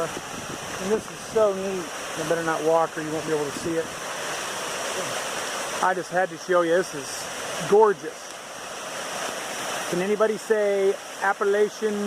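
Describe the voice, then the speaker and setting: A man with a fairly high voice talks easily to his handheld camera while out on a mountain trail. He chats in a loose, rambling way, full of little fillers. A faint hiss of outdoor noise sits under his voice. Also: steady tone, measured pace, long pauses. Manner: chatty, easygoing, with frequent fillers and chuckles. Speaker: thru-hiker vlogger. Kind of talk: casual vlog narration to camera. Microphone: handheld camera mic.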